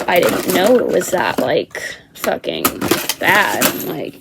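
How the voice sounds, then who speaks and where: Gravelly-voiced young woman telling a story. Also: fairly low pitch, wildly swooping pitch, measured pace, noisy background. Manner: casual, candid, swears, acts out quoted dialogue. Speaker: vlogger. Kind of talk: personal story time.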